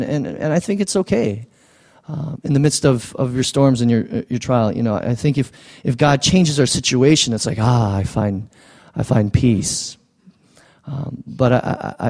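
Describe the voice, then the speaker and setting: A man preaching a sermon as pastor in a conversational, halting way. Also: mid-range voice, vocal fry, a little mellow.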